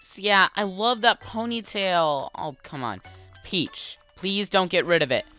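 A woman with a low voice gives casual commentary over a game. She stays chatty and playful, reading out button presses and reacting as she plays. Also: animated, a little slow, pushed and bright, faint music behind. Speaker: let's play commentator.

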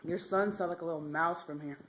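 A woman's voice: lowish voice, fairly even intonation, fairly quick, background noise. Chatty woman vlogging at home. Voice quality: chatty, giggly, rambling. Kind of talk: casual home vlog. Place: house, indoors.

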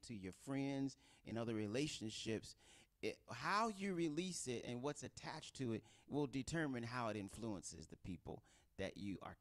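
A middle-aged man delivers a relaxed, conversational sermon. His pitch swings up and down a lot, and he slips into quoted voices to make a point. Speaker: pastor. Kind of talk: informal sermon teaching.

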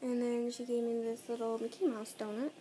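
A woman's voice: on the high side, level tone, a little fast, dark tone, slight background noise. A teenage girl vlogger chatting casually through an unboxing, bubbly and gushing, giggling often. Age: teens.

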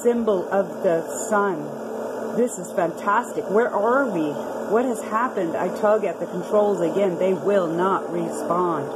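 A woman's voice: lowish voice, very noisy. A woman reading a diary aloud and adding earnest commentary, addressing her listeners as brothers and sisters. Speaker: video narrator.

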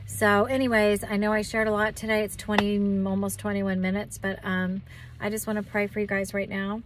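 A woman's voice: mid-range voice, distant mic, slight background noise, poor audio. A woman who is a prophetic minister, giving an earnest, encouraging talk and a spoken prayer, with frequent restarts. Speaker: self-described prophetic minister.

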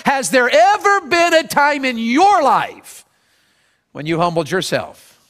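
Emphatic high-voiced man preaching. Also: big pitch swings, takes it slowly, a bit bright, in a large hall. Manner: emphatic, acts out prayers in a raised voice. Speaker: pastor. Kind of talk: sermon. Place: large church sanctuary.

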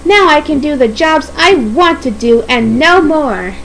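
Vain, petulant storybook railcar, a woman putting her on, high-pitched and unhurried. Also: expressive, a little hiss or hum, low-quality recording. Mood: smug. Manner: petulant and showy, shifting from smug to nervous. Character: vain, fussy female diesel railcar. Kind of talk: storybook reading.

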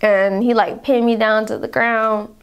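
A woman's voice: a little high, flat delivery, unhurried, clean tone. A young woman telling a painful personal story to her viewers in a vlog, rambling, calling them y'all, fighting back tears. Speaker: vlogger.

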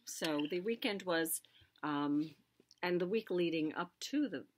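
A woman's voice: fairly low pitch, unhurried, slight background noise. A woman co-hosting a knitting shop video, chatting casually and often searching for words with fillers. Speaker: yarn shop co-host. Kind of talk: casual chat.

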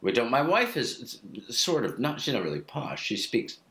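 An American man in his fifties, chatting over a video call from his home studio, laid-back, self-mocking and quick to laugh. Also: medium pitch, sing-song, fairly bright tone. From United States. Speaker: guest actor. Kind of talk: casual chat.

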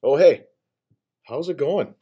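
Man putting on a bossy picture-book character, excitable, higher voice, mellow tone. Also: slow, husky, full character voice. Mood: bossy, playful. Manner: excitable, bossy, animated read-aloud voice.

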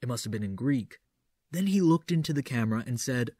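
Audiobook narrator: man, dark mellow voice, theatrical and measured, dry close mic. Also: mid-range voice, expressive, no room sound. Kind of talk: audiobook reading doing a Vincent Price impression.

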